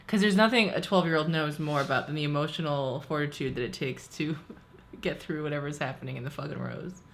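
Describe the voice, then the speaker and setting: A woman's voice: low-pitched, fairly quick, a little hiss or hum. A woman hosting a casual chat, joking, swearing and laughing often. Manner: laughs often, jokey and profane. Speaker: host.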